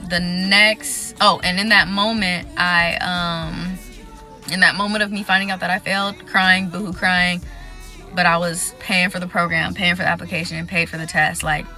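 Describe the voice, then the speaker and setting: A young woman vlogging about resetting after failed exams, candid and chatty, listing things off in quick runs. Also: fairly low pitch, level tone, sharp tone, soft background music. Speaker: vlogger sharing exam advice. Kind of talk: casual talking-to-camera vlog.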